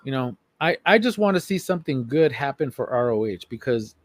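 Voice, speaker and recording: A man's voice: medium pitch, big pitch swings, fairly quick, dry recording. A man co-hosting a wrestling podcast in casual chat, emphatic and profane, often repeating himself. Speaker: podcast co-host.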